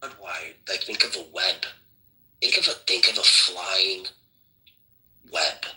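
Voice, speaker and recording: A man with a deep voice and a bright, sharp edge, chatting in casual podcast banter. He jokes loosely and often trails off or repeats himself mid-thought. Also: fairly even intonation, takes it slowly, low-quality recording.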